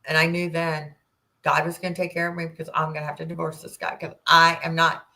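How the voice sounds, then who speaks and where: A woman in her sixties, a podcast guest, telling a personal story in an animated way and acting out the dialogue. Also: low voice, fairly quick. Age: 60s. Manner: animated, acts out quoted dialogue, rambling restarts.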